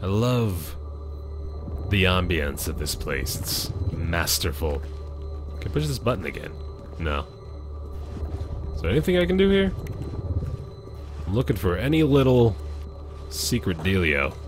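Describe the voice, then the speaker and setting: A man's voice: low voice, very animated, measured pace, long pauses, music in the background. Chatty man narrating his gameplay. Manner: casual, chatty, thinking aloud while playing. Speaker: gaming channel host. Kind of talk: let's play commentary.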